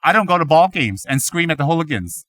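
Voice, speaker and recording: Male Buddhist teacher, high bright voice, dry close sound, lively mock-questioning delivery. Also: quick pace, dry recording. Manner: animated, mimics students with dramatic questions. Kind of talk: dharma teaching talk.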